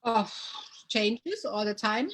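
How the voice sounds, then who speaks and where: German woman, relaxed halting chat. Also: fairly high pitch, low-quality recording. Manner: relaxed, halting, searching for words. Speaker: interview guest, dancer. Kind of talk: casual interview chat.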